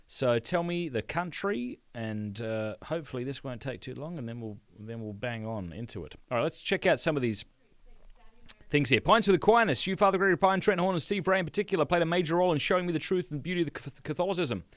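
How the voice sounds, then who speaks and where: Man, animated pitch, dry close sound, jokey live-stream host. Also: fast talker, dry recording. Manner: jokey, reads viewer comments aloud. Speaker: livestream host. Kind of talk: casual live-stream chat. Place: home office.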